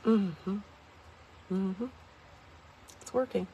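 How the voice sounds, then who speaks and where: A woman's voice: mid-range voice, drawn-out words, warm tone, dull audio, slight background noise. A woman reviewing a kitchen gadget from inside her car, rambling and joking at her own expense as she talks to viewers. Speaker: product reviewer. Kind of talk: casual product review vlog.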